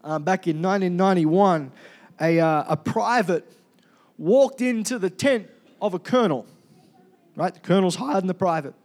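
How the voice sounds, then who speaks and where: Male pastor, high voice, loud and energetic sermon delivery. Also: moderate pace, pauses often. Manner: energetic, loud, calls for congregation responses.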